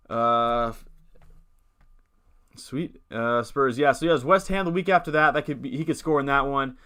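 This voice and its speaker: A young male streamer with a voice on the high side and a bit bright goes over fantasy football teams live. He rambles upbeat, reads chat, thinks aloud, and keeps hiccuping.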